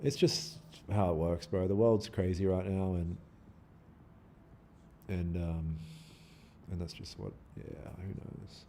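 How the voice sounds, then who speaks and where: A man's voice: low-pitched, steady tone, slow, long pauses, mellow, a little hiss or hum. A man hosting a live day-trading stream, chatting casually with viewers, swearing freely and talking back to the market. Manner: casual, swears freely, pleads and jokes with chat. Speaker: day trading livestream host.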